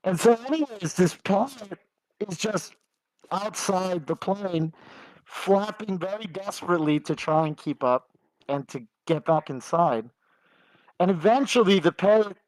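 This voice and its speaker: Co-hosting a gaming podcast, a man with a high voice casually tells long jokes, rambling as a storyteller with lots of filler words. The recording is rough, with no room sound.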